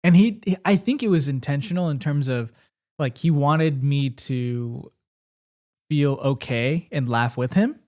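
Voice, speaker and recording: Young male co-host, relaxed and thoughtful, middle-pitched, casual conversational delivery. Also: unhurried. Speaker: podcast co-host. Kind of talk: casual chat.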